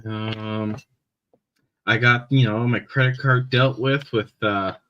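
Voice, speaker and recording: A young Canadian man with a Canadian accent chatting casually on a live stream, rambling with many fillers and pauses. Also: mid-range voice, fairly even intonation, dull audio, slight background noise.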